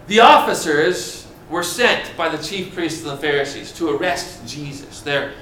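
A man's voice: a little high, animated, measured pace, bright, forceful tone, slight background noise. A man preaching a sermon, asking the congregation questions and building with dramatic emphasis. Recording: echoey room with faint ambience.

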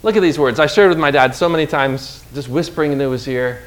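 A man's voice: on the high side, fast talker. A man preaching a heartfelt, earnest sermon whose voice rises and falls with feeling. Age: adult whose father recently died. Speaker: pastor.

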